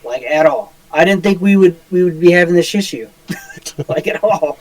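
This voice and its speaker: Higher pitched guy rambling on a podcast, lots of swearing and "like", dry sound. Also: normal speed, no echo, low-quality recording. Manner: rambling, swears a lot, full of "like" fillers. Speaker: podcast co-host. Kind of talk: casual chat.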